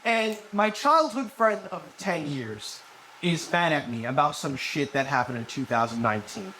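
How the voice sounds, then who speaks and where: Young male stand-up comic, high and bouncy voice, swears a lot, cracks himself up, noisy live room. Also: expressive, normal speed, sharp tone. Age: 20s. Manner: profane, rambling, laughs at own jokes. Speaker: stand-up comedian. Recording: noisy live venue recording.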